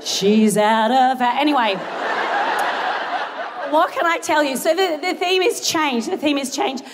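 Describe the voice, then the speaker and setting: On a big theatre stage in front of a live crowd, a young Australian woman performs rambling, self-deprecating stand-up in a high voice, speaking a little slowly. Giggles come between her jokes, and audience noise fills the live theatre recording.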